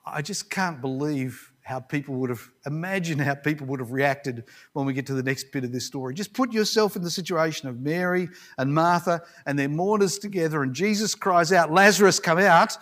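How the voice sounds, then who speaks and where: A man's voice: fairly high pitch, fairly quick, few pauses. A man giving a sermon, retelling a Bible story in a conversational, reflective way with occasional restarts. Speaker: preacher.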